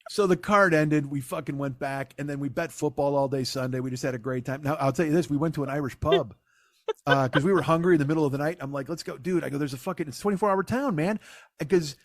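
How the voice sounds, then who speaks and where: A man's voice: a little high, quick pace, dry recording. A middle-aged man hosting a comedy podcast, telling a rambling, profane story and laughing often. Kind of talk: casual storytelling.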